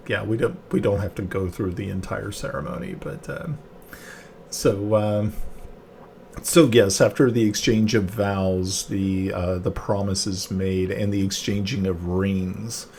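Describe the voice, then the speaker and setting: A man narrating a tabletop game as game master, halting with many fillers and restarts. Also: lowish voice, vocal fry, a little mellow, a little hiss or hum.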